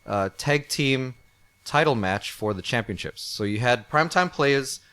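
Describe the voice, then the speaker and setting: A man's voice: mid-range voice, expressive, unhurried, a bit bright, smooth. Male podcast co-host, laid-back wrestling chat, rambling with lots of ums and restarts. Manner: rambling, many fillers and restarts. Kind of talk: casual wrestling review chat.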